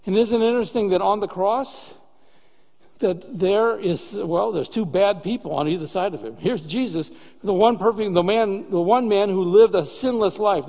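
A male pastor with a high voice delivers a sermon in a relaxed, conversational way and keeps asking rhetorical questions. His voice carries a long reverb that rings through a large hall.

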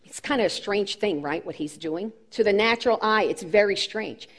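A woman's voice: medium pitch, moderate pace. A woman preaching a sermon with impassioned emphasis, repeating key phrases as her voice rises and falls.

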